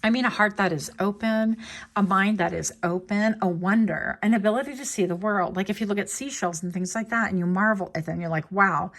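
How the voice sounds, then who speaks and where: Brief: woman, tarot reader, rambling, playful, mid-pitched voice. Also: brisk. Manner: chatty, digressive, playful asides. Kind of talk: casual pick-a-card tarot reading.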